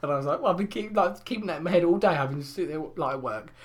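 A man's voice: a little high, animated, rapid-fire. A young man, telling rambling, crude stories in casual podcast chat. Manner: crude, rambling storyteller with lots of fillers. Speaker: podcast co-host.

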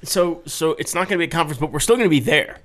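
A young man co-hosting a podcast, telling stories in casual banter, profane and animated, laughing often. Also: fairly high pitch, rapid-fire. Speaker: podcast co-host.

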